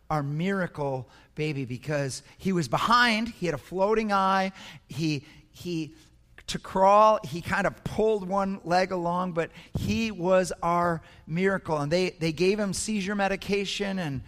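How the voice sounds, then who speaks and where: An older man with a fairly high voice preaches a sermon, his words ringing in a long-echoing hall. He tells a personal story earnestly and with feeling, often repeating himself as he builds. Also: measured pace, fairly bright tone. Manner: earnest, emotional storytelling with repetitions. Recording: echoey hall.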